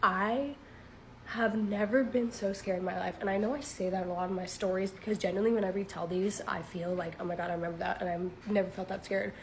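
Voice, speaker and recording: A woman's voice: medium pitch, fairly even intonation, brisk, a little hiss or hum, low-quality recording. A young woman telling a personal scary story in a casual, chatty way, full of "like" fillers, nervous laughs and swearing.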